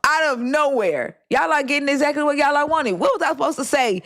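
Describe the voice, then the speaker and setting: A woman's voice: high voice, animated, brisk, hardly any pauses, fairly bright tone. A woman hosting a casual livestream chat, blunt and exasperated, swearing freely and drawling slang. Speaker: livestream host.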